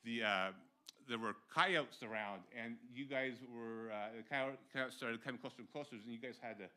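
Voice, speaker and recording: Scout leader reminiscing, bright tone, halting with fillers. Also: male voice, mid-range voice. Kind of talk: informal speech at a ceremony. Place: church ceremony.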